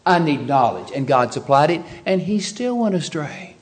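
Male preacher, somewhat high-pitched, emphatic sermon delivery with big swings in loudness. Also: sing-song, moderate pace. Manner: emphatic, swinging from loud high stresses to low quiet asides. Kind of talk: expository sermon.

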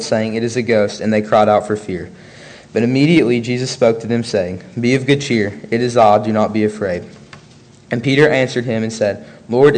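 A man preaching a sermon, reading scripture aloud in a measured, earnest way between his own remarks. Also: mid-range voice, a little mellow.

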